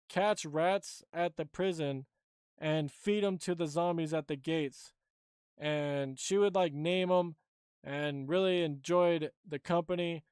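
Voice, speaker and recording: A man's voice: high-pitched, darkish tone, clear, resonant tone, no room sound, studio quality. A man hosting a live stream, talking in an offhand, blunt and rambling way. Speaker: streamer host. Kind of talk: casual live-stream chat.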